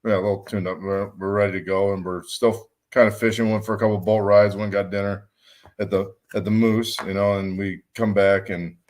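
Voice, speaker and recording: A man's voice: lowish voice, flat delivery, a little fast, a little mellow. A man from Michigan, a podcast guest, telling a rambling story in casual chat, repeating words as he goes. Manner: rambling, repeats words, laughs at his own stories. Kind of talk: casual drinking-buddy storytelling.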